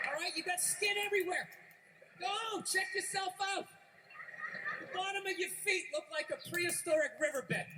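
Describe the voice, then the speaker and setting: A stand-up comedian, a man with a fairly high voice, rants and mocks in a profane routine. He works a live room from the stage over a handheld mic. The recording carries a clear layer of background noise. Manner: profane, ranting, mocking. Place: stage before a live audience.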